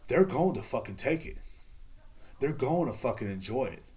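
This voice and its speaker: A man's voice: mid-range voice, very animated, moderate pace, darkish tone. A man, hosting a podcast in a casual, profane, rambling monologue. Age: 30s. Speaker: podcast host.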